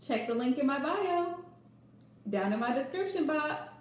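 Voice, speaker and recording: A woman's voice: sits high, expressive, unhurried. A woman tarot reader chatting casually on a livestream, sarcastic and laughing often. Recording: echoey room, distant mic.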